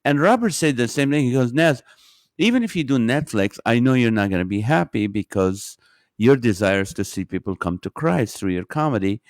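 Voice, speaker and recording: Male podcast host, comedian, rambling, self-interrupting, casual chat, mid pitch, dry sound. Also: animated, a little fast, no room sound.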